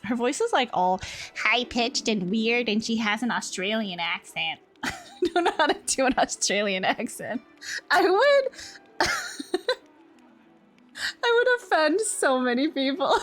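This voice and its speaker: A young woman streamer chats casually with her viewers, giggling, getting distracted easily and apologizing quickly. Her voice is on the high side.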